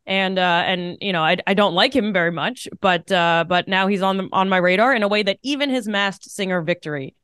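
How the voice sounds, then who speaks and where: A woman's voice: mid-range voice, a bit bright, clear, resonant tone, no echo, clean studio sound. Wry woman in her thirties. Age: 30s. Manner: wry, quick asides. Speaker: comedian guest. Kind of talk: casual comedic chat. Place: radio studio.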